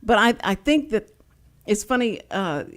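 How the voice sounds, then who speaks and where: A woman's voice: medium pitch, lively intonation, a little slow. A woman with a Texan accent hosting a radio show, chatting and rambling into stories at a studio mic. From Texas. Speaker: radio host. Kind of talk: casual on-air chat.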